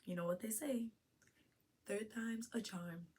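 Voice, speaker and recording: A young woman vlogger telling a storytime with slang and profanity, laughing often, jumping from loud outbursts to hushed asides. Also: mid-range voice, a little slow, heavy background noise. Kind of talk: storytime vlog.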